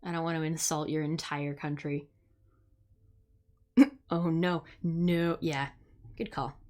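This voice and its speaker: This young adult streamer from the American Midwest has a low, slightly mellow voice with fairly even intonation and a slow pace. She's blunt and sarcastic in casual chat with her viewers, cursing without hesitation.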